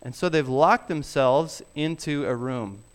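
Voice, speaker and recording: Slow, clear-voiced male preacher. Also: on the high side. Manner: slow, emphatic preaching with soft drops to near whisper. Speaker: pastor. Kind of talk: sermon.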